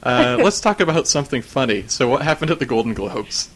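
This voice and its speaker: A man's voice: medium pitch, expressive, brisk, slightly rough. A man co-hosting a podcast, telling stories in an easygoing way with fillers. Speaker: podcast co-host. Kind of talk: casual chat.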